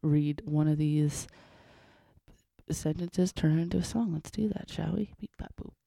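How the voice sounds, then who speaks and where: Low, gravelly, mellow-voiced woman. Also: unhurried, dry recording. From Canada's Northwest Territories. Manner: rambling, hesitant, full of fillers. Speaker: musician hosting a show. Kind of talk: casual solo show talk.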